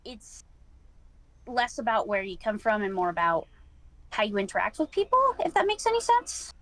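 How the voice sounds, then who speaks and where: A woman who streams, answering interview questions in a relaxed way and laughing easily. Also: mid-range voice, moderate pace, no room sound, rough recording. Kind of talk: casual online interview.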